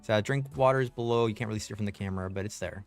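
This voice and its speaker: A man's voice: fairly low pitch, very fast, gravelly, soft background music. A man streaming a game, chatting in a laid-back, slangy way as he plays. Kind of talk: casual gameplay commentary.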